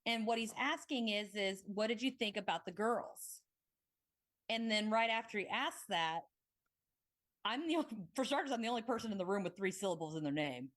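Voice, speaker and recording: Young woman podcast host, casual, excitable, rambling storyteller. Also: mid-range voice, brisk.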